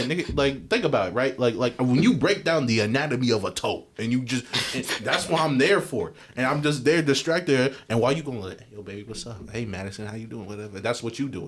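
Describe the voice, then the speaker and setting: A young man co-hosting a podcast, joking and bragging in slangy casual banter and acting out quotes. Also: medium pitch. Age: young adult. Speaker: podcast co-host.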